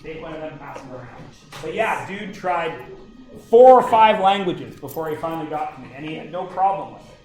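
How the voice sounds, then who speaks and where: A man's voice: a little high, brisk. Male teacher, playful anecdote-teller, bouncy intonation, roomy classroom sound. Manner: joking, animated storyteller. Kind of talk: casual classroom talk with anecdotes.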